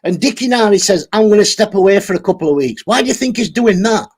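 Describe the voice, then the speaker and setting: Guy ranting on his stream, swears nonstop, husky voice pitched up high. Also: expressive, quick pace. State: over-caffeinated. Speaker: channel host reading live chat. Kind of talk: angry livestream rant.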